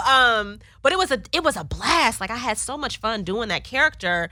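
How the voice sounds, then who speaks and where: Woman chatting in an interview, bright voice that jumps all over, laughs a lot. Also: fairly high pitch, normal speed, hardly any pauses, no room sound. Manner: laughs often, animated storyteller. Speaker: actress guest. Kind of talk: casual interview chat. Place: office.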